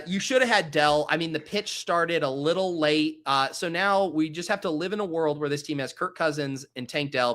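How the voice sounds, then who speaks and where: Bright-voiced, energetic podcast host. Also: male voice, fairly high pitch. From Denver, US. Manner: energetic, jokey, reads out prompts. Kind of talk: casual podcast hosting.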